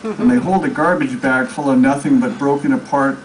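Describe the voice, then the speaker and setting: A man reading his own story aloud at a live public event, telling it in a deadpan way. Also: medium pitch, moderate pace. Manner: deadpan storytelling, crowd laughing along. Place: live reading venue with audience. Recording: distant mic with loud crowd and noise.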